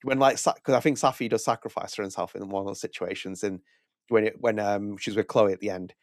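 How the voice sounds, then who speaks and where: A man's voice: fairly low pitch, fairly even intonation, fast, no echo, clean studio sound. A man co-hosting a podcast, reviewing a game in casual chat, rambling with restarts and quoted asides. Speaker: podcast co-host.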